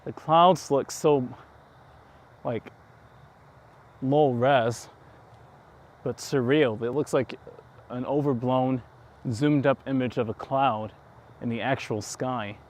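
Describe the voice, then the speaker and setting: A man with a slight New York accent chats in a loose, rambling way, with chuckling asides, on a casual walk-and-talk livestream. He speaks at a middling pitch into a handheld phone as he walks outdoors through town streets at night. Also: slow pace, long pauses. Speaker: livestream host.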